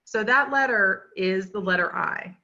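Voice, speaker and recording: A woman's voice: medium pitch, a little slow, gravelly, pushed and bright. A woman teaching literacy in a webinar lecture, chatty and explanatory, with frequent fillers. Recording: dull lo-fi webinar audio.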